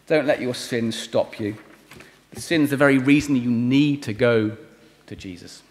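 A man's voice: mid-range voice, measured pace. Earnest male preacher in a reverberant hall. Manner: earnest, pleading, drops soft on key words. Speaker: visiting preacher. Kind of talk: sermon. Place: church hall.

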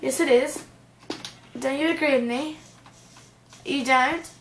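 A woman's voice: sits high, takes it slowly, fairly bright tone. A woman giving playful let's-play commentary, chatting to game animals in a silly voice, in a roomy home recording with faint hiss. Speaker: gamer.

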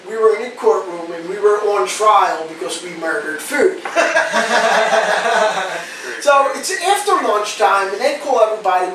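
Loud New guy, animated storyteller, a bit off the mic in a very echoey room. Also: high voice, far from the mic. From New Jersey. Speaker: podcast guest. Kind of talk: casual storytelling chat. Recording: roomy echo, off-mic, faint noise.

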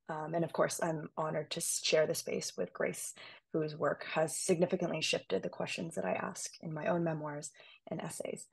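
A woman in her twenties from South Korea, a guest writer reading her own essay aloud over a video call in a measured, soft-spoken way. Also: on the low side, creaky, slightly rough.

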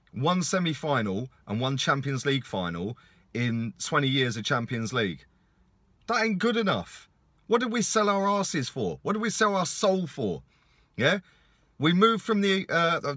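A man's voice: mid-range voice, sharp tone, no room sound. A middle-aged man, ranting furiously in a sweary vlog monologue and punctuating points with "yeah?". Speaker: football fan vlogger.

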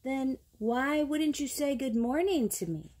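A woman's voice: high-pitched, expressive, a little slow, slight background noise, pitched above the performer's own voice. A woman voicing a defensive male python in a storybook reading, complaining and shifting blame.

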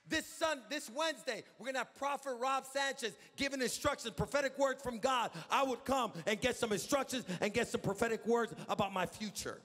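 A male pastor preaching a sermon to a congregation, building to loud shouted calls and asking the crowd to answer back. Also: very high-pitched, fairly quick, few pauses, in a large hall. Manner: preaching with rising shouts and call-and-response. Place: church sanctuary.

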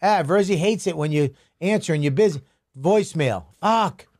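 New guy teasing his cohost, loud and swearing, voice jumps high a lot. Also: expressive, moderate pace. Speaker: podcast co-host. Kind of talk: casual banter.

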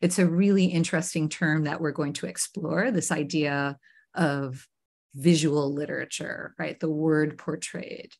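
A woman hosts a live online arts talk show from a video call. Her voice sits on the low side for a woman, and she speaks with gushing enthusiasm, often stumbling and restarting mid-phrase. She comes from Queens, New York. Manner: enthusiastic, effusive, with frequent restarts. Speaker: host.

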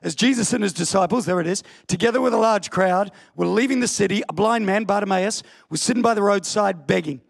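A man preaching an impassioned sermon in church, often bursting into shouts. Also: high-pitched, brisk, creaky, few pauses. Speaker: pastor. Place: church hall.

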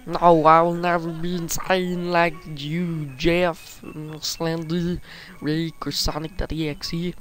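A man giving excitable gameplay commentary, swearing and reading game text aloud. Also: on the high side, unhurried, hardly any pauses, faint music behind. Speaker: gaming video host.

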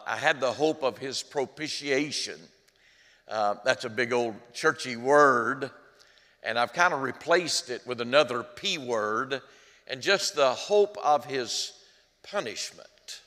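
A male pastor preaches earnestly in a church sanctuary, growing loud on quoted cries and falling low and hushed in tender moments. A long hall reverb fills the recording.

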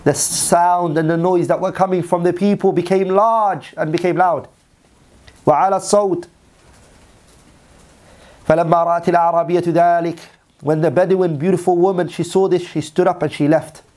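A man's voice: high-pitched, fairly even intonation, fairly quick, darkish tone. A man teaching a religious story as a sermon, reading Arabic passages and then translating and repeating them in English. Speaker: Islamic teacher.

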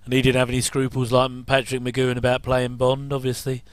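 Middle-aged man, casual watch-along commentator, smooth and close-miked. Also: mid-range voice, completely flat delivery, a little fast, no room sound. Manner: chatty, jokey asides with chuckles. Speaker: commentary host.

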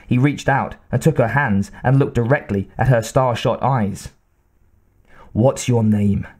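A man's voice: medium pitch, moderate pace, darkish tone, slightly rough. Man narrating an audiobook steadily. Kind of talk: scripted narration.

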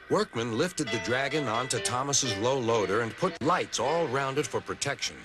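An American man narrating a children's TV story in an expressive, storybook manner. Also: medium pitch, moderate pace, hardly any pauses. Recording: music bed under the voice.

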